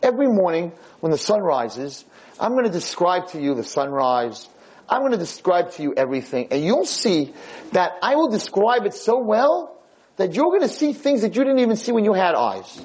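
A man's voice: high voice, sing-song, moderate pace, a little mellow, breathy edge, pitched above the performer's own voice, exaggerated voice, rough recording. A man voicing a friendly, upbeat old man in a nursing home who coaxes his roommate. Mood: coaxing. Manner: eager, friendly, coaxing.

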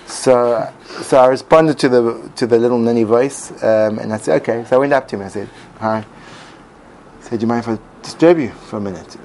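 A man's voice: mid-range voice, brisk, darkish tone, poor audio. A man giving a reflective talk as host, musing aloud with frequent restarts. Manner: musing, many restarts and fillers. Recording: faint background noise.

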